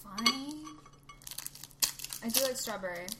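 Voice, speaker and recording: A woman's voice: fairly high pitch, slow pace, heavy background noise. A woman co-hosting a podcast in casual chat at a kitchen table, playful and teasing. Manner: playful, teasing, laughs often. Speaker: podcast co-host.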